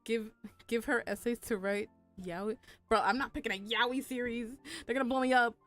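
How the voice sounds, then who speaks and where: A woman's voice: on the high side, fairly even intonation, moderate pace, a bit bright, soft background music. A young adult woman chatting casually on a live stream, rambling and swearing with lots of filler words.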